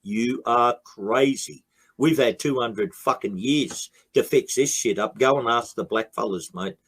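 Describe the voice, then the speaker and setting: A man's voice: mid-range voice, a little slow, fairly bright tone, husky. An Australian man, a guest in a heated interview, speaking bluntly and emphatically with frequent swearing.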